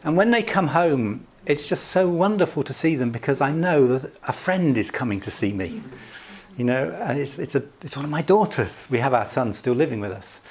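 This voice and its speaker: A man's voice: medium pitch, lively intonation, moderate pace. A middle-aged man preaching a conversational sermon, chatty and jovial, often chuckling and filling his talk with asides. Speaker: pastor.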